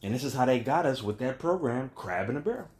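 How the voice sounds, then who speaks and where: A man preaches in a rhythmic monologue, stacking repeated refrains into emphatic builds. His voice sits at an ordinary middle pitch for a man. He swings from loud, raised lines to low, hushed ones. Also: expressive, quick pace. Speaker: spiritual teacher.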